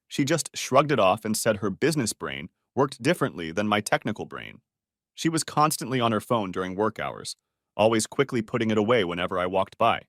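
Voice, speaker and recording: A man narrating a scripted first-person story in a steady, expressive way. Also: mid-range voice, no echo, clean studio sound.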